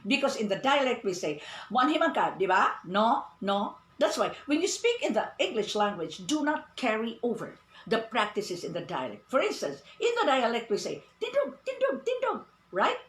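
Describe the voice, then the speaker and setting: Woman English tutor, emphatic and animated, in a roomy space. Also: fairly high pitch, normal speed, hardly any pauses. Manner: emphatic, repeats "no, no" when correcting. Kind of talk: radio-style online English lesson. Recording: echoey room with faint ambient noise.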